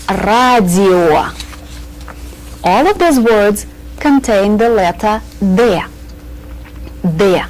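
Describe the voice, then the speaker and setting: A woman teaching a beginners' language lesson, patiently repeating each word clearly for learners. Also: mid-range voice, a little mellow, rough recording. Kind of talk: slow, deliberate language lesson.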